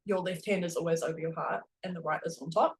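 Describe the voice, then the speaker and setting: A woman's voice: on the low side, steady tone, fast, rough recording. A woman hosting a spiritual podcast, telling a personal story in a casual, earnest way and filling her speech with "like.". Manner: chatty, heavy use of "like", earnest and emotional.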